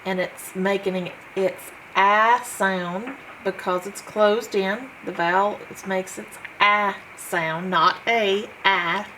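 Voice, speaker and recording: A woman teaching a phonics lesson, sounding out letters one by one in a slow, patient way. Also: medium pitch, steady tone, bright, forceful tone, a little hiss or hum, low-quality recording. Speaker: homeschool teacher.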